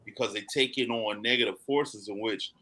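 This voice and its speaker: A man's voice: fairly low pitch, moderate pace, bright, forceful tone, poor audio. A man on a podcast giving earnest, motivational advice in casual talk.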